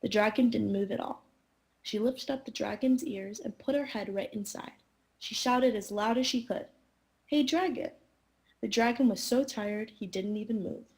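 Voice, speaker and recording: Gravelly woman reading a storybook. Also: mid-range voice, a little mellow, poor audio. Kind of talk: reading a children's story aloud.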